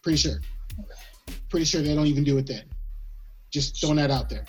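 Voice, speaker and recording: A young adult man hosting a podcast in casual chat, animated and joking, often repeating himself. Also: fairly high pitch, brisk, faint music behind. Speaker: podcast host.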